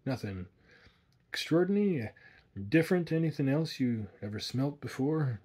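A low, uneasy backwoods guide, as a man reads him aloud, rough-spoken and hushed. His voice is mellow and husky, like a storybook reading. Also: animated, moderate pace.

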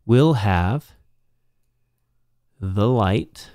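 A man teaching New Testament Greek, slowly and methodically walking through a verse as a Bible teacher. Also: on the low side, animated, dark tone, clear, resonant tone, no room sound, studio quality. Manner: slow, methodical explaining. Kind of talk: Greek grammar lesson.

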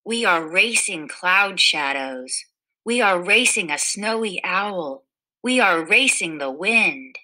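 A woman reading a children's picture book aloud in a gentle storytelling manner, livening up the quoted lines. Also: lowish voice, expressive, takes it slowly, rough recording. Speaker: storybook reader.

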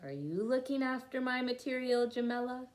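A woman's voice: high voice, lively intonation, moderate pace, voice pushed up. A woman reading a storybook aloud, voicing a mother calling out questions to her young daughter.

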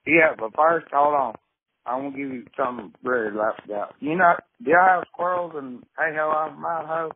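Prank-call bit: man playing an irate Southern caller from Mississippi, blustering and stubborn, slightly high voice, phone-line sound. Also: normal speed, husky. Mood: indignant. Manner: blustering, cussing, rambling. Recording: tinny phone line with faint hiss.

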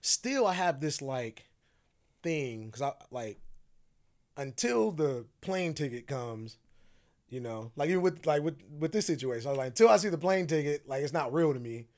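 Man telling a lively story. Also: mid-range voice, normal speed. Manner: animated, acts out quoted dialogue, laughs often. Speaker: podcast guest. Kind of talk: casual storytelling.

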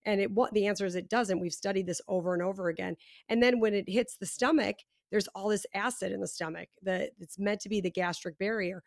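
A woman from the United States speaks as a podcast guest, explaining her product with animated conviction and plenty of fillers. Her voice sits in a mid range, and the sound is dry, with no room echo. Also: medium pitch, fairly quick, vocal fry, hardly any pauses. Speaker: podcast guest, probiotic company founder. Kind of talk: casual interview chat.

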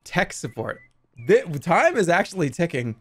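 A man's voice: on the high side, big pitch swings, moderate pace, husky. A man hosting a livestream game contest, chatting casually and jokily with plenty of swearing and laughter. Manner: jokey, profane, laughs often.

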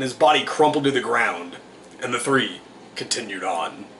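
A man's voice: mid-range voice, lively intonation, normal speed, fairly bright tone, a little hiss or hum. A man reading an absurd comic story aloud, amused and giggling through it. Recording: roomy echo.

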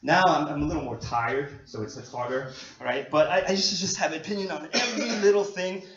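High-voiced pastor preaching in an echoey hall. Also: male voice, a little fast, a little hiss or hum. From New York. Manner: animated, self-deprecating, laughing often. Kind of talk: conversational sermon. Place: church hall. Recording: echoey dull lo-fi hall recording.

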